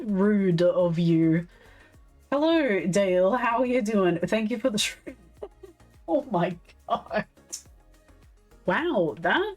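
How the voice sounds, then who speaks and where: Hoarse Australian woman chatting on stream. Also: a little high. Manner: chatty and giggly, reading out chat. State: hoarse, losing her voice. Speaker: stream co-host and moderator. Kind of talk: casual livestream chat.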